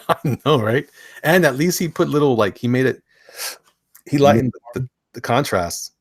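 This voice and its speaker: A man's voice: medium pitch, animated, measured pace, slightly rough, dry recording, clean studio sound. A man hosting a casual chat show, flipping through comics, often laughing and repeating himself. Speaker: host.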